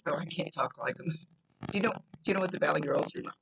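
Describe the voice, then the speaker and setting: Gravelly-voiced chatty woman medium. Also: low voice, animated, fast. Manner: chatty, rambling, laughs often. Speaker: psychic medium. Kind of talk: casual monologue reading. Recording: lo-fi with faint noise.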